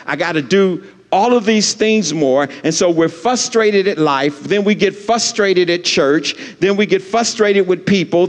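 A man preaching a sermon as pastor, with lots of repetition and call-and-response lines for the congregation. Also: high voice. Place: church sanctuary. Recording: long church hall reverb.

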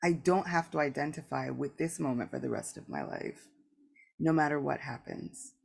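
Her voice is extremely low, creaky, a little mellow and slightly rough, yet expressive, and she talks at a moderate pace. As host of a spiritual podcast, she reflects earnestly and candidly, peppering her speech with "like" and playing both parts in recalled exchanges.

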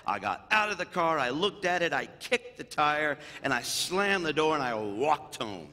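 A male pastor preaching from the pulpit in a bright, forceful voice. His words ring out with a long reverb through the church sanctuary. He tells stories with humor, swinging between loud, lively bursts and soft, tender passages. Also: on the high side, normal speed. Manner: storytelling with humor, growing loud and animated, then hushed and tender. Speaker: senior pastor. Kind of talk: sermon.

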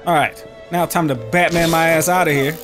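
A gaming YouTuber keeps a brisk pace and a steady tone in a fairly high voice. His commentary is profane and cocky as he plays, ribbing enemies and speaking to the audience over background music.

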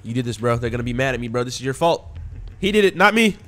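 Loud taunting young man gaming. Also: medium pitch, animated, fast talker. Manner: loud, taunting trash talk with sudden yelps. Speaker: gaming streamer. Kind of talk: excited gameplay commentary.

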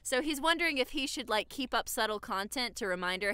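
Southern girl on a podcast, frank, cusses, smooth and crisp, super animated. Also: fairly high pitch, brisk, no echo. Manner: frank and animated, swears casually. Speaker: podcast co-host. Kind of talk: casual chat.

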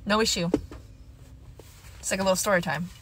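A woman in her twenties telling a casual storytime vlog, chatty and self-deprecating, with quick asides. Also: mid-range voice, fairly even intonation, noisy background. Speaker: TikTok storyteller. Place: parked car in the rain. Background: faint rain ambience.

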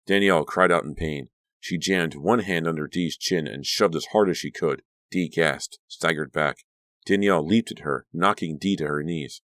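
A man's voice: a bass voice, normal speed, a bit bright, no room sound, clean studio sound. A man narrating a horror audiobook with an intense, vivid reading.

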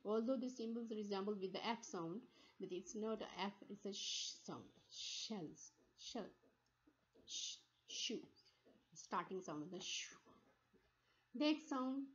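A woman giving a phonetics lecture, repeating sounds slowly to demonstrate them, with frequent restarts. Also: medium pitch, lively intonation. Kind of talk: recorded online lecture. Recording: slightly dull lo-fi recording.

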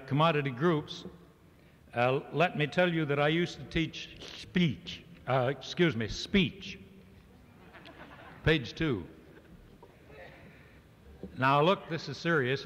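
Male speaker, mid-pitched, mock-lecturing a live audience, long hall reverb on an old cassette. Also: a bit bright. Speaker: speaker addressing a farm organization meeting. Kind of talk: humorous speech to a live audience.

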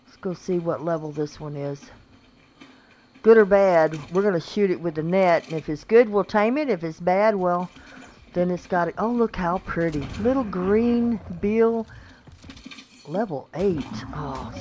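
A woman's voice: fairly low pitch, moderate pace, warm tone. A woman giving casual, chatty gameplay commentary, talking to the creatures on screen and laughing often. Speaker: gaming channel host.

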